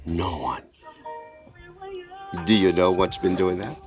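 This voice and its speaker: Slow, deep-voiced man preaching spoken word. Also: faint music behind. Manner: slow, deliberate, repetitive emphasis.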